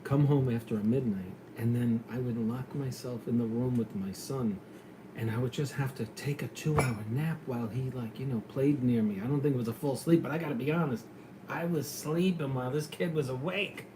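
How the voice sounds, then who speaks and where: A man's voice: mid-range voice, moderate pace, background noise. Chatty New York man telling stories. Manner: chatty storyteller, animated when retelling. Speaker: former police lieutenant. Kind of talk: casual chat on a call.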